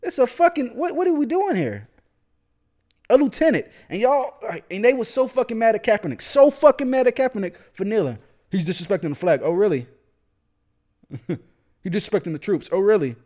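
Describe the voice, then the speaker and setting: A man's voice: extremely high pitch, sing-song, brisk. A young man talking alone on a casual show, heated and profane, stumbling and repeating words as he gets worked up. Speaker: podcast host, military veteran. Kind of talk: casual solo monologue. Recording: dull lo-fi sound.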